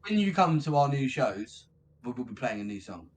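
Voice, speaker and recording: A man's voice: medium pitch, moderate pace, husky. A man, a band vocalist telling casual stories, swearing freely and calling people mate. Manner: swears freely, says "mate" often, animated. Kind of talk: casual storytelling chat.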